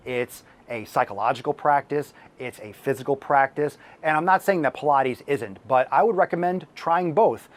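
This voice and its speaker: Fielding viewer questions on his fitness channel, this host is blunt and swears freely, sometimes breaking into rants. When he loses it, his mid-range voice gets a little hoarse.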